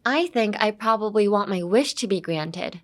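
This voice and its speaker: A woman's voice: medium pitch, lively intonation, moderate pace, natural voice. A young woman reading lines as a cheerful, vague, childlike girl ghost from an anime. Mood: wistful.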